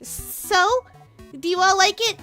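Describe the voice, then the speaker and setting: A woman voicing a cheerful, bossy little kid who hands out snacks in a video game, talking in a chirpy, excitable way. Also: very high voice, slow pace, soft background music, voice pushed up, full character voice. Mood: excited.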